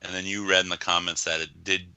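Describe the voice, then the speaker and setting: A man co-hosting a casual podcast chat, animated and scoffing, swearing freely. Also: sits low, fast talker, clear, resonant tone, no echo, rough recording. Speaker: podcast co-host.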